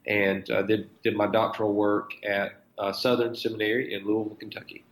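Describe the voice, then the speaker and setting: Man, North Alabama accent, folksy pastor, fairly low voice, echoey phone line. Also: little pitch movement, fairly quick. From North Alabama, USA. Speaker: pastor and guest. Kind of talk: phone interview. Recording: phone call with roomy echo.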